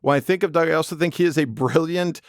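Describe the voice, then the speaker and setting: Cheerful guy cohosting a podcast, chatty and quick to laugh, a bit high pitched. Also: no room sound, studio quality. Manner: friendly, upbeat, laughs easily. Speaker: podcast co-host. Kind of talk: casual chat.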